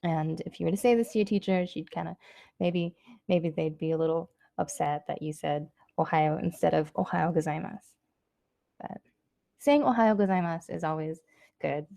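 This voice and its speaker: A woman giving a casual online language lesson, chatty and loose with lots of fillers, saying practice phrases slowly and clearly. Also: lowish voice, warm tone, dry recording, studio quality. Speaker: Japanese language teacher.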